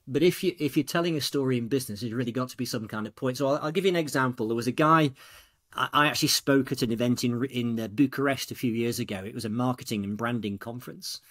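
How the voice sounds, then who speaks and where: A man, a storytelling coach on a podcast, talking casually and acting out quoted dialogue as he tells stories. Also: mid-range voice. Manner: animated, acts out quoted dialogue.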